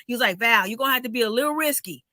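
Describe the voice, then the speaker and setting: High bright-voiced woman comedian. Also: racing. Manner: animated storyteller, acts out voices, swears freely. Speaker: comedian hosting a chat. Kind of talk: casual chat.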